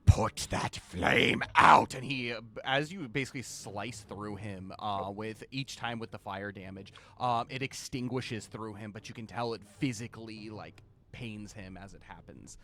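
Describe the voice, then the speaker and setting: A man running a tabletop game as game master, narrating events and giving calm rulings. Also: fairly low pitch, moderate pace, few pauses.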